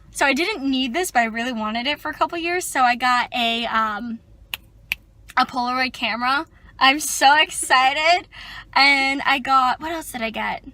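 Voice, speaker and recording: Young woman, vlogger, high voice, bright tone, chatty, swears freely. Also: low-quality recording. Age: young adult. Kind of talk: casual vlog chat.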